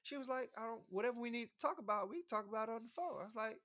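A man co-hosting a podcast, telling stories in casual chat and acting out quotes. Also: racing. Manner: animated, acts out quotes in high voices. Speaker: podcast co-host.

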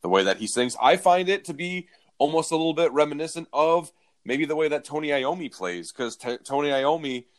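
A man's voice: a little high, lively intonation, fairly quick. A man co-hosting a casual music chat, reflective, searching for words as he explains a sound. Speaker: podcast co-host.

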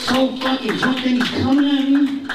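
A man ranting profanely as a stand-up comedian on stage, shouting at the crowd. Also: very high voice, fairly even intonation, normal speed. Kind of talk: angry stage rant. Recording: echoey distant live-show clip with loud noise.

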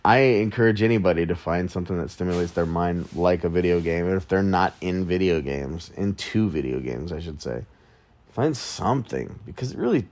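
A man's voice: sits low, a little mellow, no echo. A man hosting a solo podcast, rambling casually and mocking himself with jokey asides in the early morning. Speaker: podcast host.

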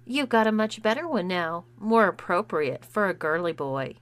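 A woman's voice: on the low side, very animated, moderate pace. A woman voicing a smug, mocking teenage girl bully in a story reading. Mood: smug teasing. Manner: smug, teasing.

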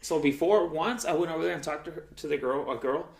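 A man's voice: on the high side, fast talker, vocal fry. A young man hosting a podcast, telling crude stories in casual chat and acting out the quotes. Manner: crude, animated, acts out quotes. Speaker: podcast host. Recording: echoey room.

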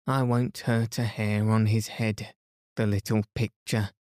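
A man's voice: lowish voice, little pitch movement, a little slow, darkish tone, dry recording, clean studio sound, close to an everyday voice. A man doing a wheedling traveller woman. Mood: coaxing. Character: coaxing traveller woman wanting the baby.

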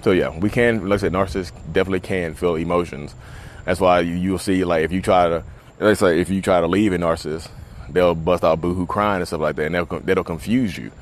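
Casting: deep-voiced man, loose rambling vlog delivery, recorded outside with faint background noise. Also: steady tone, a little fast. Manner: rambling, conversational, many fillers. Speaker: vlogger. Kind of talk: casual talk to camera. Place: outdoors at the beach.

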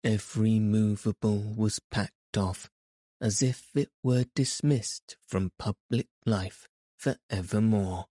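A man narrating a classic story in an expressive, measured audiobook reading. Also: on the low side, no room sound, clean studio sound.

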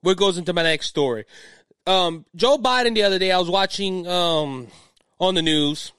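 A man's voice: high-pitched, moderate pace, fairly bright tone, smooth, dry recording, studio quality. A middle-aged man with a Cajun accent hosting a political podcast, talking in an agitated, rambling way and often repeating words. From Louisiana. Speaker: podcast host.

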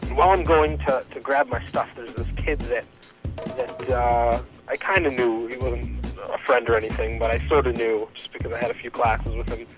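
A man's voice: mid-range voice, steady tone, normal speed, over music, rough recording. A man casually telling a personal story for a radio show, acting out the dialogue as he goes. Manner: casual, acts out quoted dialogue.

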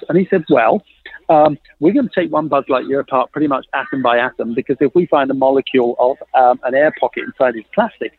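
A man's voice: medium pitch, vocal fry, slightly rough, no echo. A man telling a long story in a chat, acting out the dialogue he quotes. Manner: lively, acts out quoted dialogue, laughs often. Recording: tinny phone-like line, dry.

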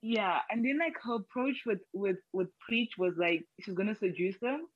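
A woman's voice: mid-range voice, animated, moderate pace, husky, no echo. Woman rambling about a show, says like a ton, dry dull-sounding mic. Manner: rambling, many "like" fillers and restarts. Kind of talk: casual chat.

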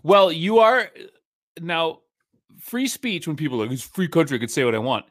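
A man's voice: on the high side, very animated, moderate pace, fairly bright tone, dry recording, clean studio sound. A man co-hosting a podcast in casual chat, agreeable and chatty, leaning on "like" a lot.

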